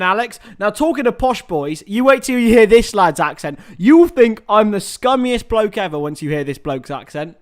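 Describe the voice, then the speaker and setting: A young man hosting a live football watchalong, chatting with viewers, swearing freely and shouting at big chances. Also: high voice, smooth. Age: young adult. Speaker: watchalong host.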